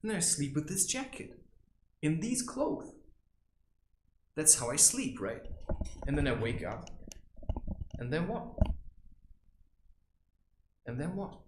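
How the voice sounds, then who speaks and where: A man's voice: fairly high pitch, big pitch swings, slow, long pauses, a little hiss or hum. A man playing a blunt, boastful macho barbarian in a rambling comic monologue, keeps tossing in "right?", recorded in a room. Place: room indoors. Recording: echoey room.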